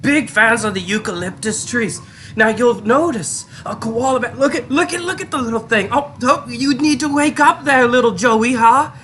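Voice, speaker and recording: A man co-hosts a classroom safari video with goofy, over-the-top banter full of mock Aussie slang. His voice is very high for a man, bright and sharp, and he breaks into shouts now and then. A faint hiss sits under it. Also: normal speed. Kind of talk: playful mock nature-documentary narration.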